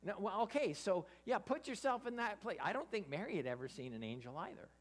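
A preacher giving an interactive Bible sermon, animated, often stammering and restarting while putting questions to the listeners. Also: mid-range voice, fairly quick. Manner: animated, quizzes the audience.

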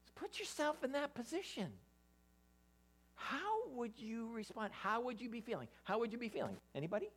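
A preacher giving an interactive Bible sermon, animated, often stammering and restarting while putting questions to the listeners. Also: medium pitch, normal speed, husky. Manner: animated, quizzes the audience.

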